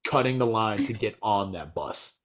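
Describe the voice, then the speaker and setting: A young American man chatting casually, telling a rambling story full of "like" and quick laughs. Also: lowish voice, expressive, a bit bright. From United States. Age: young adult. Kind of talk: casual chat.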